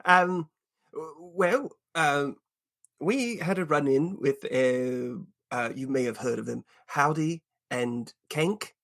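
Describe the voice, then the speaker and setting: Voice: mid-range voice, slow pace, a bit bright. A player voicing a fussy, eager male adventurer in a tabletop game, talking in a flustered, rambling way.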